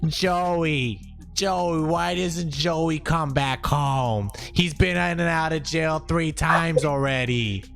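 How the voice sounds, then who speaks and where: A man's voice: on the high side, takes it slowly, gravelly, fairly bright tone, faint music behind, exaggerated voice. A man voicing a brash working-class Boston guy in a put-on Boston accent, drawling and boastful.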